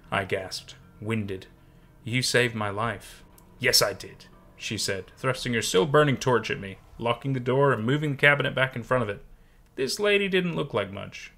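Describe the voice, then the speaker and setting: Man, horror story narrator, bright clear voice, measured tense storytelling. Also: mid-range voice.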